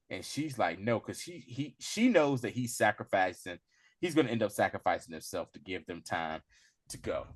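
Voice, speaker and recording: A man recapping a show in casual chat. His pitch swings widely as he tells the story, and he slips into the characters' lines with loose, slangy delivery. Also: normal speed, husky. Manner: animated retelling, acts out the characters' lines in slangy talk. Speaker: podcast co-host recapping a TV episode.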